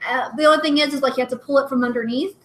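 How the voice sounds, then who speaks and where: A woman's voice: high voice, steady tone, rapid-fire. A young woman chatting casually as a livestream co-host, giggly and rambling with lots of "like" fillers. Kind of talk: casual chat. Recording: roomy echo.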